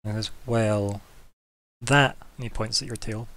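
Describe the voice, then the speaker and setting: A man's voice: lowish voice, monotone, rapid-fire, pushed and bright. A man narrating a tabletop game as game master, rambling with many fillers.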